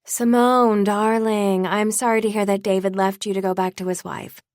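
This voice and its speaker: A woman's voice: medium pitch, fairly even intonation, normal speed, a little mellow, no room sound, clean studio sound, lightly acted. A woman voicing a gushing, falsely sympathetic gossipy woman with a syrupy, over-sweet delivery.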